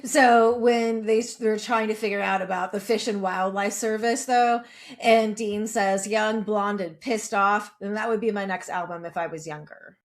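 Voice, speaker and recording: Middle-aged woman podcaster, chatty, jokey, swears a bit, normal pitch. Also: steady tone, normal speed. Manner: swears casually, jokes about herself. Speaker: podcast co-host. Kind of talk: casual chat and read lore segment.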